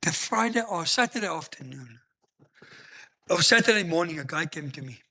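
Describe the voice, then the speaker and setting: A man's voice: a little high, animated, moderate pace, bright, forceful tone. A man pastor preaching a sermon in an emphatic, storytelling manner, full of rhetorical questions.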